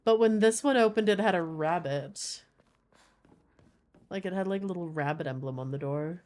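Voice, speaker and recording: A woman's voice: fairly low pitch, moderate pace, a little mellow. A woman chatting casually as she streams a game, rambling with lots of filler words.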